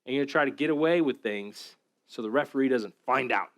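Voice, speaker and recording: A pastor giving a relaxed, conversational sermon, talking casually with lots of fillers and repeated words. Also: male voice, medium pitch, quick pace. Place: church.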